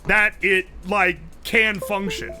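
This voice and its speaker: High, bright-voiced young streamer. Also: male voice, takes it slowly, soft background music. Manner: excitable, swears a lot, thinks aloud. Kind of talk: casual live-stream chat while tinkering.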